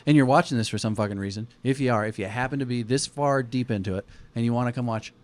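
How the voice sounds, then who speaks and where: Chill comedian guy from arizona, mid-pitched voice, teasing his buddy on a podcast. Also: fast talker. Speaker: stand-up comedian, podcast co-host. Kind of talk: casual comedy podcast chat.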